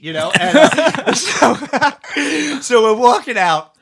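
Man, casual chat, profane, laughing, animated, high voice, bright tone. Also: takes it slowly. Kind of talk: casual chat, comic anecdote.

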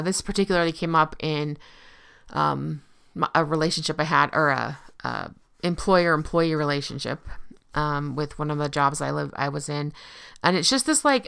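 A woman's voice: low-pitched, normal speed, creaky, pushed and bright, clear, resonant tone. A woman giving a casual explanatory talk, conversational and often checking in with the listener. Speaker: speaker on relationship abuse.

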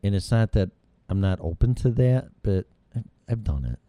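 A man's voice: lowish voice, animated, normal speed, dark tone, no echo. A middle-aged man hosting his own show, delivering a heated, rambling monologue full of profanity. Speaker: show host. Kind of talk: ranting monologue.

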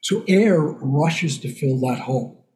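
A man's voice: fairly high pitch, lively intonation, slow pace, darkish tone. An older man, a voice coach, explaining breathing and speech in a casual podcast conversation, patiently acting out examples as he goes.

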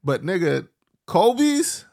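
High-voiced teasing man. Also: sing-song, extremely slow, gravelly, darkish tone. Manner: teasing, blunt slang. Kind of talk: casual chat.

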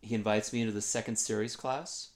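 A man's voice: fairly low pitch, fairly even intonation, brisk. A man guest telling a funny, self-mocking story in a conversation, acting out what people said.

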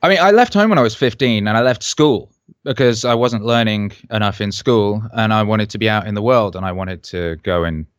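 Low-voiced man from Wales telling stories. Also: brisk, clear, resonant tone, no room sound, studio quality. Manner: animated anecdotes with quoted voices. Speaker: musician guest. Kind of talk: casual storytelling interview.

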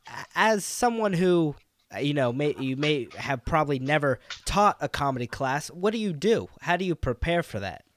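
A man hosting a casual interview, asking questions in a relaxed, curious way. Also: a little high, normal speed. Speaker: interviewer host.

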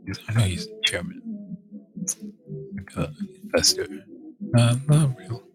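Slow, rambling man with lively swings. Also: medium pitch. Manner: rambling, musing aloud, halting restarts. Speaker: show host. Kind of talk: casual rambling monologue. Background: music playing.

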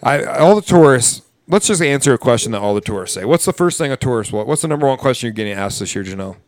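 A man's voice: mid-range voice, animated, quick pace, no room sound, clean studio sound. A man who hosts a podcast and works as a server, chatting casually in a blunt, profane, ranting way. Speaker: podcast host and restaurant server. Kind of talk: casual chat.

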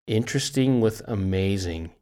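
A middle-aged man with a fairly low voice, chatting casually as a podcast host. He rambles, trips over words and pokes fun at himself, his speech loose and unscripted. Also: expressive, normal speed, warm tone. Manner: rambling, self-deprecating, stumbles over words. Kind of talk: casual chat.

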